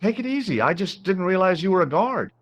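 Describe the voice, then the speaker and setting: A man's voice: sits high, sing-song, a little fast. A man voicing a wry detective hero in a game, narrating and talking with dry sarcasm.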